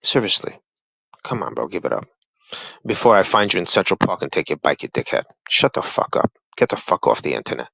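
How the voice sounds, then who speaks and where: A man's voice: sits low, big pitch swings, fairly quick, vocal fry, pushed and bright, husky, no echo, low-quality recording. A man ranting as a guest on a livestream panel, confrontational and profane, repeating himself to drive points home. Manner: confrontational, profane, repetitive trash talk. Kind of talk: heated livestream rant.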